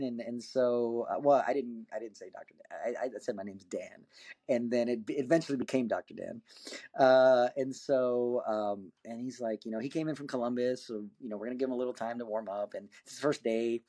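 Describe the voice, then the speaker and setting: A man's voice: mid-range voice, a little fast. A man on a podcast telling a story in a casual, rambling way, full of fillers and restarts, acting out other people's lines. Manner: lively, acts out quoted voices. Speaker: podcast guest, competitive axe thrower.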